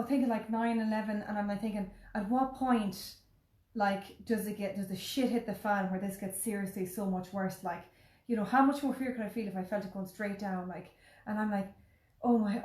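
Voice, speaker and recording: An Irish woman telling a story in casual, animated chat, full of "like" and the odd swear word. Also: medium pitch. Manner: animated, chatty, peppered with swearing and "like". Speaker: podcast host. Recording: roomy echo.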